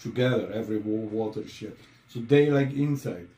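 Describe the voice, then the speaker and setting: A man's voice: fairly low pitch, normal speed, warm tone. Podcast co-host, man, blunt and profane, roomy echo. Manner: blunt, swears a lot, broken English grammar. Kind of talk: casual chat. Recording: echoey room.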